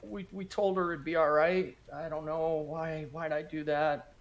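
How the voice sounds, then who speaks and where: A man's voice: a little high, a little slow, highs cut off, voice pushed up, natural voice. A man puts on a desperate, guilt-ridden poor father in a tabletop game, stammering through every sentence. His voice is pushed up well above his usual register and keeps breaking off and restarting. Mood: tearful.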